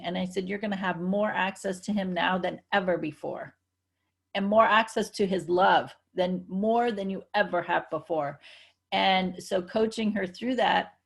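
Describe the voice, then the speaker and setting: A woman with a gravelly edge to her voice co-hosts a relaxed spiritual chat. She tells stories with emphasis, slipping into quoted lines of her own speech, at a middle pitch. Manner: emphatic, storytelling, quotes herself often. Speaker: co-host.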